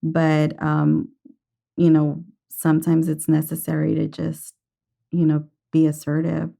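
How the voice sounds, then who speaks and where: Soft-spoken woman with gravelly fry. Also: low voice, completely flat delivery, measured pace. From Compton, California. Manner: soft-spoken, hesitant, many fillers, laughs. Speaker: podcast guest. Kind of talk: casual heartfelt interview.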